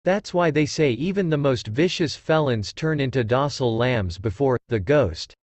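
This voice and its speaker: A man's voice: medium pitch, animated, moderate pace, darkish tone, dry recording, close to an everyday voice. A man reading an earnest young rookie cop. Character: young male rookie police officer.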